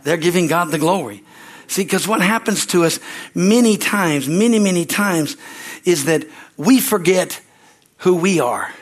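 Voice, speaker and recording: A man's voice: high-pitched, a little slow. An older man in his sixties preaching a sermon as pastor, folksy and repetitive, tossing "Amen?" to the congregation. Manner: folksy, tells anecdotes with laughter.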